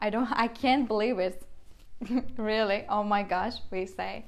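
A woman's voice: a little high, fairly even intonation, a little slow. A young woman from Turkey with a Turkish accent, casually teaching phrases with everyday examples and frequent laughs. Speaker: language teacher. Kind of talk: casual language lesson.

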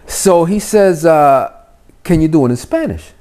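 This middle-aged man, Miami-born to a Cuban family, talks at a moderate pace in a fairly high pitch. As a podcast guest he tells stories casually and animatedly, swearing along the way and doing the characters' voices himself.

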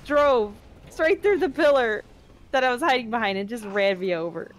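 A woman chatting excitedly with friends while playing a zombie video game, squealing complaints as things go wrong. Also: on the high side, normal speed, slight background noise. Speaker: gamer. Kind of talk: casual gaming chat.

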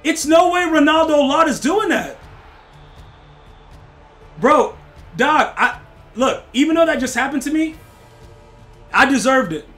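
Male game streamer with a high voice; loud, profane reactions and joking back-and-forth with viewers. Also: unhurried, pauses often, faint music behind. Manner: excitable, swears, loud outbursts at the game; teasing banter with chat. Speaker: gaming streamer.

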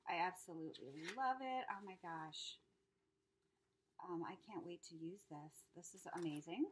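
A woman from Maine with a Maine accent, chatting casually and gushing excitedly as she unboxes craft mail at home. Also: lowish voice, normal speed, a little hiss or hum. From United States. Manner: gushing, excitable, exclaims often. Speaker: crafting YouTuber. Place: snowed-in home with a dog nearby.

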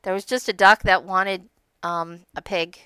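Young female streamer, giggly teaser, slow, bright, clear. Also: mid-range voice, fairly even intonation, no room sound. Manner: giggly, playful, teasing. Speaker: streamer hosting a game role-play. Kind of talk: casual gaming stream chat and storytelling.

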